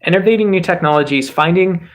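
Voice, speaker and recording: Rambling American man, fairly high voice. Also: quick pace. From United States. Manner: rambling, many fillers and restarts. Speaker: streamer host. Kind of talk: casual political commentary.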